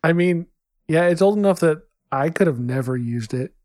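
A man's voice: fairly high pitch, animated, moderate pace, darkish tone, no room sound, studio quality. A young man co-hosting a scripted comedy podcast, easygoing and chatty. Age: young adult. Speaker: podcast co-host.

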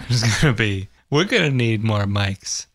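A man's voice: lowish voice, expressive, moderate pace, background noise. A young man co-hosting a podcast in casual chat, laughing often. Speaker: podcast co-host.

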